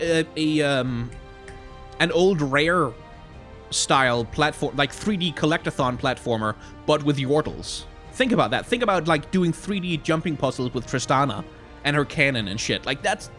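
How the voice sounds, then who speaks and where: A young man from Denmark with a faint Danish accent, chatting casually on a live stream and reading out donations, excitable and swearing freely. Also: fairly high pitch.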